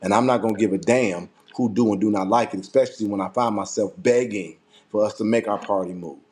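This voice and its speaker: A man's voice: on the low side, fairly quick, a little mellow. Man, angry political rant, swears a lot, repeats lines to drive points home. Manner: heated, profane, repeats himself for emphasis. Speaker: political commentator.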